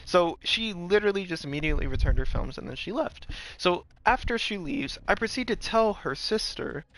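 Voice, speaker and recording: A man's voice: high-pitched, expressive, brisk, fairly bright tone. A man telling a rambling, profane story in a casual way, with lots of fillers. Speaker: streamer.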